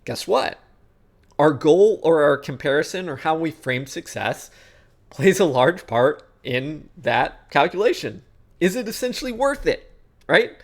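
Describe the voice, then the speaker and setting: A man with a slightly raised pitch gives an instructional talk on sports psychology. He speaks conversationally and keeps checking in with the listener along the way. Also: animated, unhurried, vocal fry. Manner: conversational, checks in with frequent "okay?" and "guess what?"; acts out inner thoughts in quoted asides. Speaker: coach.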